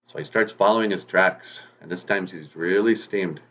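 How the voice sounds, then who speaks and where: A man's voice: sits low, normal speed, a bit bright, lo-fi sound. A man telling a folk tale in a casual, chatty way as host of his own channel, with rambling restarts and asides.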